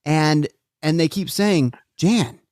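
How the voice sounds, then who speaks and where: A man co-hosting a podcast, recapping a documentary in casual chat with animated storytelling. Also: fairly high pitch, unhurried, dry recording, clean studio sound. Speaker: podcast co-host.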